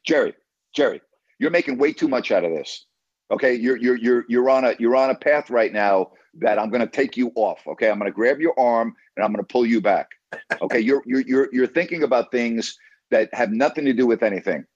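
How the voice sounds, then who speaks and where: Blunt, emphatic sports radio host. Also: male voice, medium pitch, fairly quick, husky, dry recording, muffled recording. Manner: blunt, emphatic, repeats "okay" and "who cares". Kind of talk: call-in sports talk.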